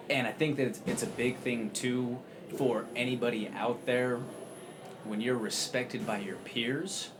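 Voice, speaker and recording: Low-voiced podcast host, noise behind. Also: male voice. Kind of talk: casual podcast interview.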